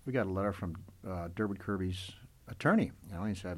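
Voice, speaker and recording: A man who performs voices, telling animated anecdotes as an interview guest and laughing often. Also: low voice, fast.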